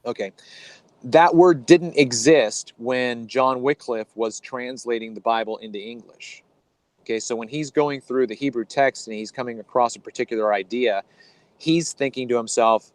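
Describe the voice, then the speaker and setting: A man's voice: medium pitch, moderate pace, no echo, poor audio. A man co-hosting a conversation, explaining Bible translation in a hesitant, teacherly way with frequent ums and restarts. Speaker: podcast co-host.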